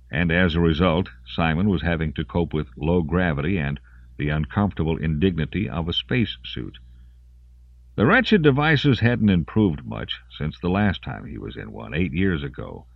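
Deep-voiced man narrating an audiobook. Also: dry recording, narrow, tinny audio. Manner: dramatic storytelling reading. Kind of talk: scripted narration.

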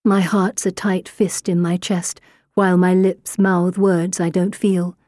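A woman narrates an audiobook in the first person, with a steady, wry delivery. Her voice sits a bit low and sounds warm and mellow. The recording is dry and close, with no room sound. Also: measured pace, no room sound.

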